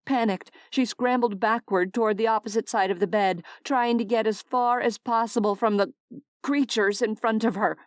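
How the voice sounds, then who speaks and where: A woman reading a novel aloud as an audiobook narrator, steady and expressive. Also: on the high side, normal speed, no echo, studio quality. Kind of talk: scripted narration.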